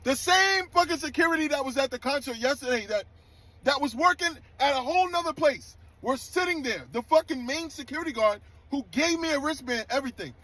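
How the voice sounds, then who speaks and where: A man telling a tour story in loose, profane street slang, animated and indignant. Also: very high-pitched, a little fast. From New York. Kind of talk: casual storytelling clip.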